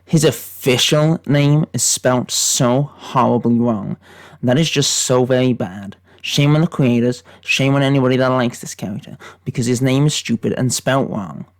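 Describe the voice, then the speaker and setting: A British man putting on an American accent, giving deadpan, mock-serious tier-list commentary with rambling tangents. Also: mid-range voice, normal speed. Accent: put-on American accent. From Britain. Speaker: YouTube commentator.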